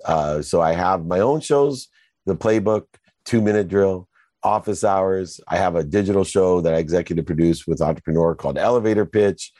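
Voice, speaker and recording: An older man talks in a very low, mellow voice. He tells his story with earnest, motivational conviction. The recording sounds close and dry. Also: dry recording. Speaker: guest entrepreneur. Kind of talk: casual interview conversation.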